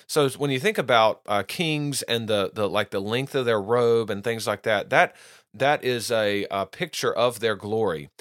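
A man's voice: medium pitch, dry recording. Man teaching scripture in a dry room. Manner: earnest, restarts phrases often. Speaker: Bible teacher. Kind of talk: unscripted Bible teaching.

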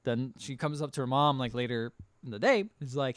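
A man's voice: medium pitch, lively intonation, a little fast, no echo, studio quality. A man with an American accent co-hosting a podcast, casually retelling a film and acting out the characters' lines. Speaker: podcast co-host. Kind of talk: casual chat, recapping a film.

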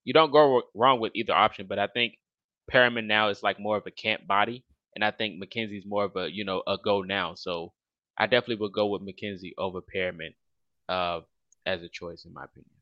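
A man co-hosting a casual sports podcast, weighing his picks in a measured way. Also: on the low side, steady tone, muffled recording. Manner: measured, weighs options with "definitely". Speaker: podcast co-host.

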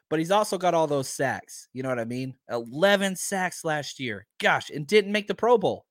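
A man with a slightly raised pitch hosts a casual sports podcast, arguing point after point with emphatic energy. His voice is a touch hoarse from a long day of talking. The sound is dry and close to the mic. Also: normal speed, hardly any pauses, dry recording. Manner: animated, emphatic, argumentative. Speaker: podcast host.

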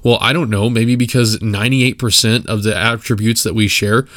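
A man's voice: on the low side, steady tone, moderate pace, fairly bright tone, no echo, clean studio sound. A man from West Texas, hosting a solo podcast, giving his opinions bluntly with many fillers and restarts. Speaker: podcast host. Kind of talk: casual solo podcast monologue.

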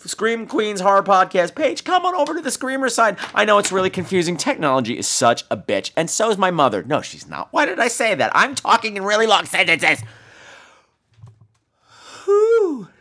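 A man's voice: high-pitched, big pitch swings, a little fast, hardly any pauses, bright, forceful tone. Campy, theatrical male podcast host. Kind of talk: solo podcast wrap-up.

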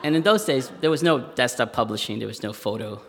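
A man, telling a personal story live on stage in a conversational way, with pauses and fillers. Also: mid-range voice, lively intonation. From Spanish Harlem, New York. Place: stage in a museum hall, live audience. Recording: reverberant live hall.

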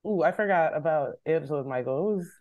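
Animated, laughing podcast co-host. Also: medium pitch, fast, no echo, narrow, tinny audio. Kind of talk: casual chat.

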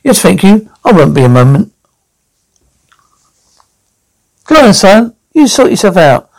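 A woman's voice: medium pitch, very animated, normal speed, darkish tone, low-quality recording. A woman playing a cheeky, foul-mouthed elderly grandmother who mocks and nicknames everyone in a comedy sketch. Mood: mock-sympathetic. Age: older. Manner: mocking, name-calling, interrupting.

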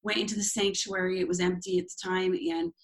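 A woman's voice: fairly low pitch, flat delivery, brisk. A woman who is a worship leader and former youth pastor, telling her personal testimony in an interview in a candid, self-deprecating way with frequent laughs.

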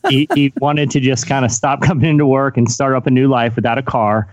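A man's voice: mid-range voice, little pitch movement, brisk, no echo. A man hosting a casual podcast chat, joking and teasing his co-hosts. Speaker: podcast host.

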